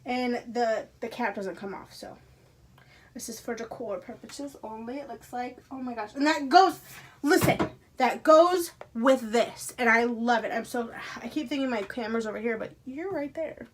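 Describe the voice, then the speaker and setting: A woman unboxing a subscription box at home, gushing and excitable, dropping into hushed whispers between bursts of delight. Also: on the high side, moderate pace, a little hiss or hum. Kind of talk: casual unboxing vlog.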